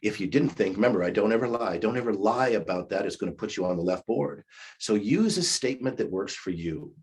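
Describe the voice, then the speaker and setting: A man's voice: on the low side, lively intonation, fairly quick, a little mellow, a little hiss or hum. A man in his fifties giving a leadership class in a conversational teaching manner, acting out the replies he recommends. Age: 50s. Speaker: leadership coach. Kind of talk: recorded class lecture.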